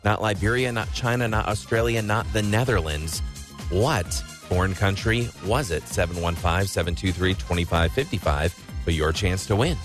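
A man co-hosting a morning radio program, reading out contest details and trading wry remarks. His voice is on the low side, with a music bed clearly audible behind him. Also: fairly quick. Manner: friendly, wry, repeats phone number. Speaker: radio morning show co-host. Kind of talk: radio announcing and banter.

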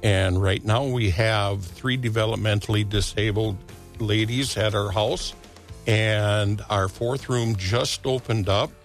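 A man's voice: lowish voice, steady tone, slow, soft background music. A man, an orchard owner talking casually as a guest on a radio show.

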